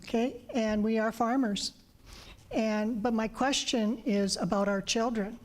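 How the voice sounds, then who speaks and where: A woman's voice: on the high side, fairly even intonation, a little slow. Emotional woman asking at a town hall. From North Dakota. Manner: emotional, pleading, close to tears. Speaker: audience member asking a question.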